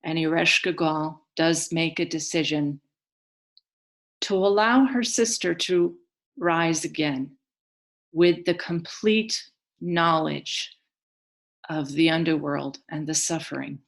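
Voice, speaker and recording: Slow hushed woman telling a myth. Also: sits low, creaky. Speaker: storyteller. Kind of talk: mythic storytelling.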